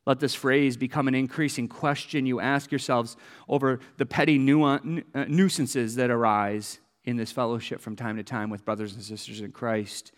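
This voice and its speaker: A man's voice: medium pitch, fairly even intonation, moderate pace, in a large hall. A man preaching a sermon as pastor, earnest, repeating key phrases for emphasis, with wry asides.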